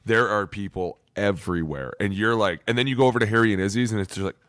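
A man co-hosting a casual podcast, telling lively, profane stories between laughs. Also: fairly low pitch, fairly quick, few pauses, clear, resonant tone, dry recording, studio quality. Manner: animated, profane storytelling with laughs. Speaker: podcast co-host, former lineman.

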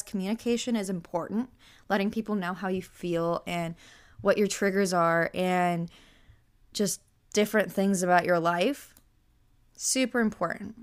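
A young woman hosting a podcast, telling a story in a casual, animated way with lots of "like" and incredulous asides. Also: lowish voice, clean tone. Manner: animated, incredulous, heavy use of "like". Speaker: podcast host.

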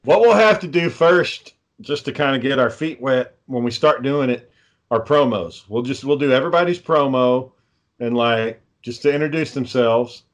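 A man's voice: mid-range voice, normal speed. A man in casual banter with friends, blunt and laid-back, swearing heavily while planning an amateur wrestling film.

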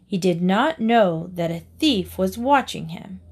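Woman slowly reading fables aloud. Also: mid-range voice, expressive, a little mellow, slightly rough. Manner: slow, deliberate reading aloud. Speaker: reader. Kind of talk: storybook narration.

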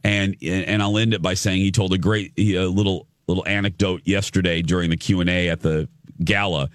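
A male show host with a lowish voice, talking in a casual, gushing way as he tells a story. The sound is dry and close, with no room echo. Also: fairly even intonation, fairly quick. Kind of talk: casual chat.

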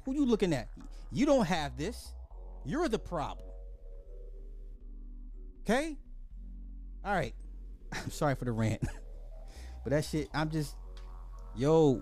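A man's voice: high-pitched, a little mellow. A man hosting a podcast, ranting bluntly in casual social commentary, full of profanity and sarcastic apologies. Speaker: podcast host.

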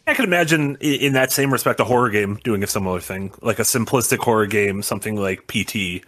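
Low-voiced man, hesitant casual chat. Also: fast, fairly bright tone. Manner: hesitant, many fillers and restarts, agreeable.

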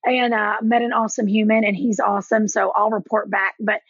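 A woman in her forties in casual chat, telling lively stories and acting out quotes in a higher voice. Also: fairly quick, slightly rough, dry recording, dull audio. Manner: animated storyteller, acts out quotes with a jump in pitch. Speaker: podcast guest.

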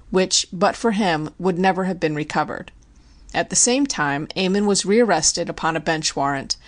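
A woman narrates an audiobook in a measured, even manner. Her voice sits slightly low for a woman. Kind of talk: scripted narration.

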